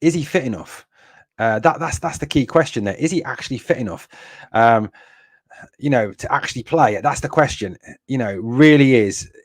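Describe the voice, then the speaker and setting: A man's voice: medium pitch, normal speed, no echo. Blunt, exasperated man ranting on a stream. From northeast England. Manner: blunt and exasperated, swears, repeats himself; reads out viewer comments. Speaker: fan channel host. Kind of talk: live stream fan rant.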